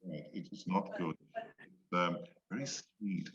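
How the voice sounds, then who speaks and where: A man teaching English in an online one-on-one lesson, slow and patient, explaining words and acting out examples. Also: deep voice, fairly bright tone, slight background noise. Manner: slow, patient, demonstrates voices. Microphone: video call. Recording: echoey, dull video-call audio.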